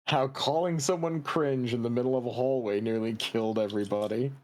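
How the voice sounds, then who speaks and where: A man's voice: medium pitch, steady tone, a little fast, darkish tone. A man streaming a game, chatting casually with profane jokes and explanations. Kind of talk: casual livestream chat.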